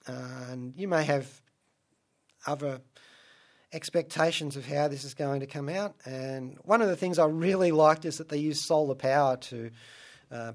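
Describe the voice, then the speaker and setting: A man hosting a radio show, reviewing films in a casual, rambling, wry way. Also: medium pitch. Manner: rambling and wry, many asides. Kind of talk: casual film review monologue.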